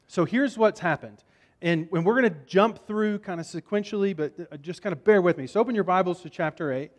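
A man's voice: high voice, a little fast. A man preaching a conversational sermon, casual in tone, often repeating words as he explains. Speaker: pastor.

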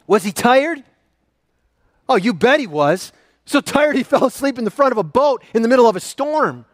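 High-voiced male pastor preaching. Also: very animated, normal speed, no echo, studio quality. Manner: preaching with dramatic swings from loud high to soft low. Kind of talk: sermon.

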